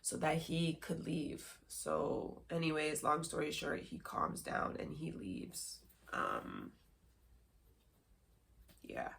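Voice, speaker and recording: A woman podcast host speaking candidly in a lowish voice with a gravelly edge. She rambles, leans on filler words and breaks into nervous laughs. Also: wildly swooping pitch, takes it slowly, a bit bright. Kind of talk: candid personal storytelling.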